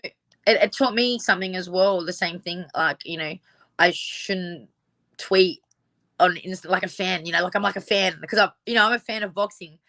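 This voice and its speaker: Woman guest, bright forceful voice, frank chatty boxer, dry sound. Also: lowish voice, normal speed, dry recording. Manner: chatty, lots of fillers, blunt and frank. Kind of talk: casual interview chat.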